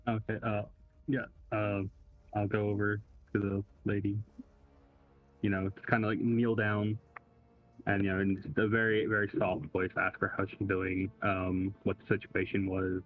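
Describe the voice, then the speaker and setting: A man playing a tabletop game who describes his character's actions haltingly, with many fillers. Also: fairly low pitch, completely flat delivery. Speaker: player. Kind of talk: casual tabletop play, third person for his character. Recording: tinny phone-like line.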